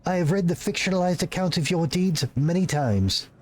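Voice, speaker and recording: A man's voice: high-pitched, lively intonation, normal speed, voice pushed up. A man voicing an admiring young female officer who speaks with breathless, fan-like reverence to her lord. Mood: awed.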